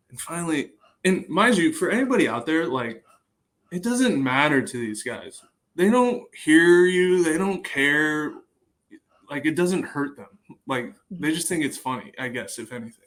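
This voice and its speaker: A young man in a relaxed podcast conversation, spinning lively stories at an easy pace. His voice sits in an ordinary middle pitch, and he often trails off and picks his sentences back up as he goes. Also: low-quality recording. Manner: lively storytelling, trailing off and restarting. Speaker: guest, bullpen catcher. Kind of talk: casual podcast chat.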